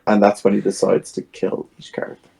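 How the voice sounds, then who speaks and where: A man's voice: on the low side, brisk, creaky, slightly rough, poor audio. A man co-hosting a podcast, retelling a film's plot in casual chat and acting out its scenes. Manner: animated retelling, acts out scenes. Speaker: podcast co-host. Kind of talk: casual film discussion.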